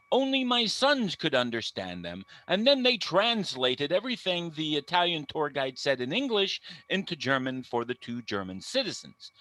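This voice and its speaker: A man's voice: high-pitched, pushed and bright, dry recording, low-quality recording. A man with a Midwestern American accent, an English teacher speaking as a panel guest in an emphatic, opinionated, playful way. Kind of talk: panel discussion talk.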